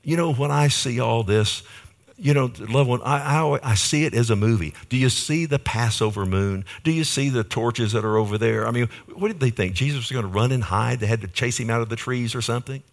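A man preaching a sermon, telling stories vividly and calling out for amens, with sudden swings between loud and soft. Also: medium pitch, a little fast, gravelly. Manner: emphatic preaching, asking the congregation "Amen?". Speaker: pastor.

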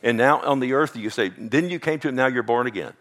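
Male preacher, mid-range voice, emphatic sermon delivery, loud peaks and hushed drops. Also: mid-range voice, fast. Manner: emphatic, swings between loud exclamations and hushed asides, asks "amen?".

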